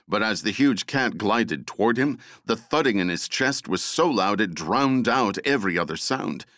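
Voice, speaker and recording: Deep, lively male audiobook narrator. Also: dry recording, studio quality. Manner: dramatic, expressive storytelling. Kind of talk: scripted narration.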